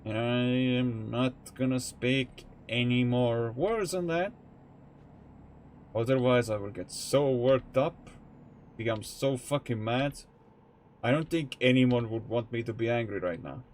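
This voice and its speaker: A young man streams live from home while playing a truck game, chatting casually, rambling candidly and swearing freely as he thinks aloud. His medium-pitched voice is measured and a little mellow, with a bit of hiss or hum in the audio.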